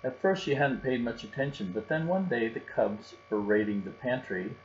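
A man narrating a children's storybook aloud in a steady, gentle way. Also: mid-range voice, moderate pace. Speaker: storybook reader. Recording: dull recording with faint hum.

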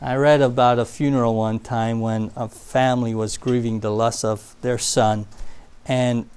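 A man preaching a sermon in a church, telling stories and swinging from loud emphasis to quiet asides. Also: mid-range voice, level tone, measured pace, clean tone.

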